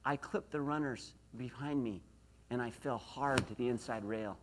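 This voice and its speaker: A man in his forties giving a university lecture, telling a story with animated delivery and loud emphatic peaks. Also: medium pitch, moderate pace, noisy background. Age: 40s. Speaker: motivational speaker. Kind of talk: lecture to an audience.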